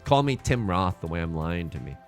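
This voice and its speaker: A man's voice: sits low, sing-song, brisk, soft background music. A young man streaming a tile game, chatting playfully and rambling to his chat as he plays. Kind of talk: casual game streaming commentary.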